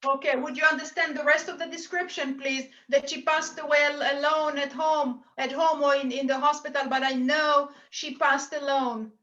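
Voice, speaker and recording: Woman medium on a lo-fi video call, high and bright, earnest, relays spirit messages in quotes. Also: steady tone, moderate pace, hardly any pauses. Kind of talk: mediumship reading at a church service.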